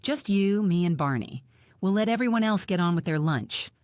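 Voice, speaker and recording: A woman doing a very calm man. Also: mid-range voice, dry recording, studio quality, natural voice. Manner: calm, steady, measured. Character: very calm older man defusing a standoff.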